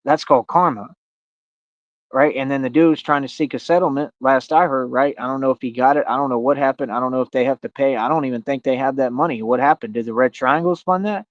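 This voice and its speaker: A man's voice: mid-range voice, fast talker, dry recording. Man, boastful livestream rant; dry, slightly dull lo-fi sound. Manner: boastful, confrontational, calls out rivals. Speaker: streamer. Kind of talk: ranting livestream monologue. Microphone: streaming mic.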